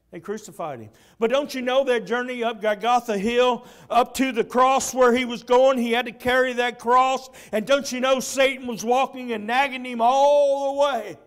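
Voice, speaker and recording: A pastor preaching with a striking high-pitched voice. He builds his sermon with fervor and breaks into shouting at the big moments. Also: steady tone, moderate pace, few pauses. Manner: impassioned preaching, shouting at peaks.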